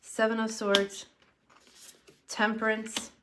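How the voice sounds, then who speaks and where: A woman's voice: a little high, monotone, slow, background noise. A woman giving a casual tarot reading to camera, earnest and encouraging as she speaks straight to the viewer. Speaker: tarot reader.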